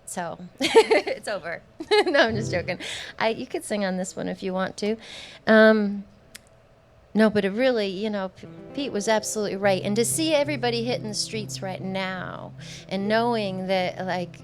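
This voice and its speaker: A woman's voice: mid-range voice, a little hiss or hum. A woman singer-songwriter chatting between songs at a small club show, rambling and joking and laughing often. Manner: jokey, laughing often, self-deprecating. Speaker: singer-songwriter performing live. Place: small music club stage. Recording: live club sound with guitar under speech.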